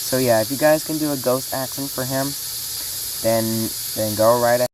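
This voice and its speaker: A woman's voice: rumbling low, moderate pace. A woman casually announcing a fan series casting call, rambling with fillers and restarts, over a noisy hiss.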